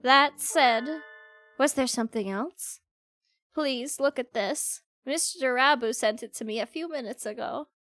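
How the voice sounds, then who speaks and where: Woman voicing a quiet male bird, polite, soft-spoken, high. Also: measured pace, dry recording, soft background music. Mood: calm.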